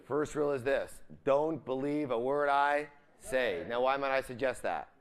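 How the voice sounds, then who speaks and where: A man's voice: mid-range voice, moderate pace, clear, resonant tone. A man giving a live seminar, full of upbeat energy, constantly asking the audience questions and leaving the ends of his sentences for them to fill in. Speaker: seminar speaker.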